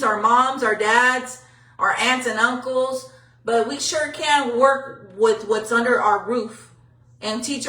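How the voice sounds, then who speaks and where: A woman's voice: a little high, sharp tone. A middle-aged woman, speaking bluntly and from the heart in a casual livestream, swearing freely. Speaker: local news livestreamer. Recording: echoey, from a distance.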